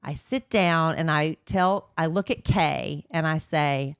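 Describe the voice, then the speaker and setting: A middle-aged woman, co-hosting a podcast and telling a story in a lively, animated way. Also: low-pitched, slow pace, hardly any pauses, smooth, no echo, clean studio sound. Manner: animated storyteller, acts out quoted voices. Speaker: podcast co-host. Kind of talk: casual chat, telling a story.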